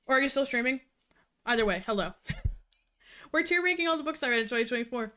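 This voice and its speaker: Fast-talking, swearing woman streamer. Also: fairly high pitch, lively intonation, pushed and bright, clean tone. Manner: fast-talking, profane, giggly. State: slightly out of breath. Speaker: livestreamer reviewing books. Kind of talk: casual chat with viewers.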